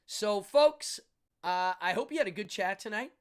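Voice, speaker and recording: A man's voice: high voice, animated, moderate pace, clean tone. Laid-back middle-aged male stream host. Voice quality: laid-back, slangy, with frequent ums and uhs. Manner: upbeat sign-off, shouting out viewers by name. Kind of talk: casual live-stream chat.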